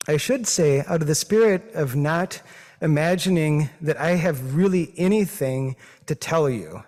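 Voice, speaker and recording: A man with a Midwestern accent, a physician giving a thoughtful, modest talk with slides, pausing often with fillers. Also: on the high side, expressive, a little mellow. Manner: thoughtful, hesitant, with many fillers; modest and self-deprecating. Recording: long reverb of a hall.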